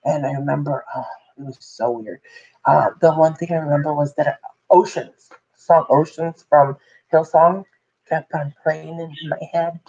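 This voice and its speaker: A woman's voice: deep voice, fairly even intonation, measured pace, vocal fry, warm tone, breathy edge, highs cut off. A woman vlogger telling a personal story in a candid, rambling way, full of fillers and restarts.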